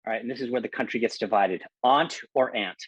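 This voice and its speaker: A middle-aged man hosting a casual podcast interview, animated, laughing often and restarting his sentences. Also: medium pitch, very fast, slightly rough, dry recording, highs cut off. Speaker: podcast host. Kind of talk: casual interview with rapid-fire questions.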